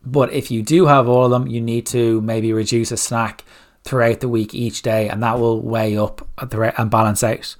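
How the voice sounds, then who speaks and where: A man's voice: medium pitch, flat delivery, normal speed. A man hosting a solo coaching podcast, giving blunt, direct fat-loss advice and firing off rhetorical questions. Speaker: fitness coach, podcast host.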